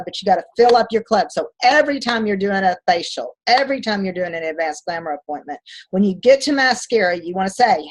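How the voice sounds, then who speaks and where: A female beauty consultant gives an instructional talk to a group in a medium-pitched voice on a low-quality recording. She's chatty and emphatic, repeating phrases to drive them home.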